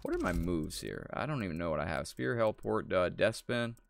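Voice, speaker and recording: A man's voice: low-pitched, big pitch swings, a little fast, vocal fry, background noise. A man streaming a fighting game live, chatting casually with viewers and telling stories between matches. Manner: laid-back, chatty, thanks viewers and tells stories. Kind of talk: live gameplay commentary.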